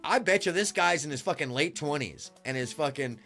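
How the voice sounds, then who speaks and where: A man's voice: on the high side, animated, fairly quick, a bit bright, soft background music. Profane, indignant man ranting on stream. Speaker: livestream host. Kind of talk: heated livestream rant at chat.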